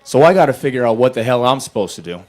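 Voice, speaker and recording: A young adult man doing a stand-up set at a bar open mic, telling stories in a dry, level voice and breaking into loud acted-out quotes. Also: medium pitch, expressive, fast talker. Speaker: stand-up comedian.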